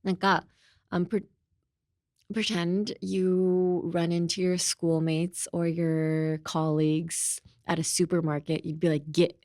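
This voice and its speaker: A young woman from Los Angeles, USA, speaks at a fairly low pitch, flat and slow, slightly mellow, in a studio-quality recording without echo. She is a language teacher and host giving a chatty, casual podcast lesson that mixes English and Japanese and leans on examples.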